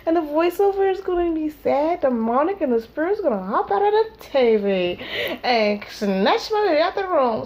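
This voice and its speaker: A woman with a high voice tells a rambling, comic story at home. She is animated and breaks into silly voices and sound effects as she acts out each scene. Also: moderate pace. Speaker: vlogger and mother. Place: home at her child's naptime.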